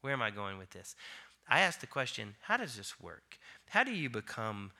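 Bright-voiced man preaching with big swings. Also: mid-range voice, very animated, normal speed, creaky. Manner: storytelling, swings from soft asides to loud emphatic peaks. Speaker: pastor. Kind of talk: sermon.

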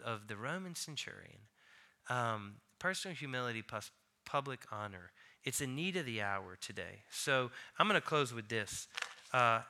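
A man in his thirties preaching a sermon, telling a family story with soft asides and loud emphatic peaks. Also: medium pitch. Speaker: pastor.

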